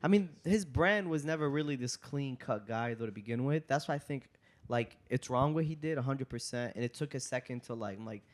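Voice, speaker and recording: A young adult man, a comedian guest on a casual podcast, telling stories in an animated way, acting out quotes and laughing often. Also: mid-range voice, a little fast.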